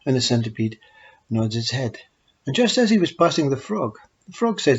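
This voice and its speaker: A man calmly telling short spiritual parables in a measured, unhurried way. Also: medium pitch, husky. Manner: calm, measured storytelling. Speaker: storyteller. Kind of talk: spoken parables. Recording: dull lo-fi recording.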